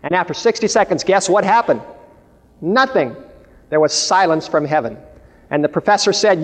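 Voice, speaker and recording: Emphatic high-voiced male preacher. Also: expressive, normal speed, long pauses, fairly bright tone, in a large hall. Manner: storytelling, emphatic and declamatory. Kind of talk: sermon.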